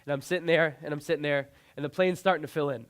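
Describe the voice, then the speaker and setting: A man's voice: a little high, steady tone, fast talker, clear, resonant tone. Earnest young man telling a story on stage. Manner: earnest storytelling with many restarts and repeated phrases. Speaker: motivational speaker. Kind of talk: inspirational keynote speech. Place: conference stage.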